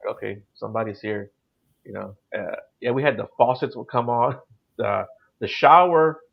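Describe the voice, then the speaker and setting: Creaky with a breathy edge, this middle-aged man's mid-range voice moves at normal speed as he casually rambles about paranormal happenings on a call-in show, filling it with "you know" and "like." The recording's highs are cut off.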